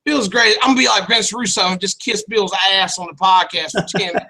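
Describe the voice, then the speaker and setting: Man, podcast co-host, high voice, crude joking, rambling chat. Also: a little fast, pushed and bright, poor audio. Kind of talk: casual wrestling podcast chat.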